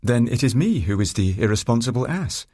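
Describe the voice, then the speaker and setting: A man voicing a lively, self-mocking young woman in an audiobook, lifting his voice higher and lighter. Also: a little fast, breathy edge, dry recording, studio quality. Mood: cheerful.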